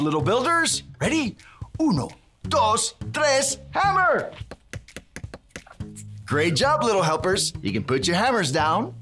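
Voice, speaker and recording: A man presenting a preschool church lesson in a big, bouncy voice. He speaks slowly and swings his pitch all over, leading the kids in cheers. Soft children's music sits in the background. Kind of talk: energetic preschool Bible lesson.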